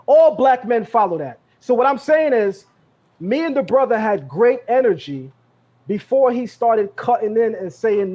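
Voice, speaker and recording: A man's voice: very high voice, expressive, moderate pace, a little mellow, highs cut off. A man from Brooklyn, speaking emphatically on a live podcast and repeating his points with a confrontational edge. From Brooklyn, New York. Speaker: guest speaker. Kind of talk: heated live podcast talk.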